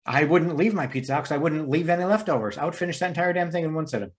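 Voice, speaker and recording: Fast-talking young man, playful. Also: fairly high pitch. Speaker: podcast co-host. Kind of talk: casual chat.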